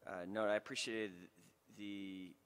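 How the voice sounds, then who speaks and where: A man speaking as mayor at a council meeting, measured and slightly hesitant. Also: fairly low pitch, level tone, a bit bright, smooth. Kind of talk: council floor remarks.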